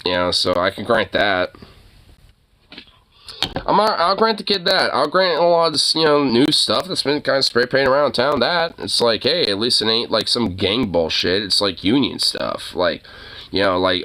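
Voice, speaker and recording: A man's voice: medium pitch, very animated, moderate pace, sharp tone. A man ranting casually late at night, swearing often and rambling with lots of fillers. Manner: profane, rambling, filler-heavy; scolding his dog, exasperated. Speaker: vlogger.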